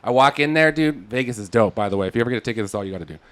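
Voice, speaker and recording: A man talking fast in casual podcast chat, his voice sitting at an ordinary pitch. He tells stories with energy, acts out what other people said and swears freely. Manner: animated storyteller who acts out quotes, swears freely.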